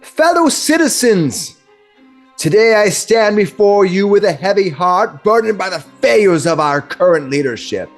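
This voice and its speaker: A man voicing a scheming noblewoman who stirs up a crowd with booming, amplified speeches in a tabletop game. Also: very animated, unhurried, soft background music, full character voice. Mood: rabble-rousing. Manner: booming, magically amplified oratory.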